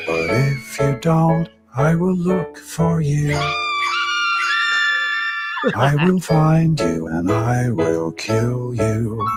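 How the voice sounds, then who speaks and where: Guy singing a grim revenge-dad musical parody, slow and menacing, big loud music behind. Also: medium pitch, lightly acted. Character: grim vengeful father threatening a kidnapper.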